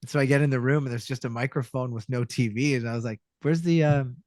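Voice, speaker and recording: A middle-aged man, a voice actor guest telling animated stories and acting out the people in them. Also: medium pitch, fast, no echo, clean studio sound. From Canada. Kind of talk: storytelling interview.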